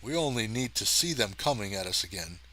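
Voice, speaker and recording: A man's voice: fairly low pitch, lively intonation, a little fast, sharp tone. A man voicing a determined male cameraman stranded in space, talking in an urgent, pressing way.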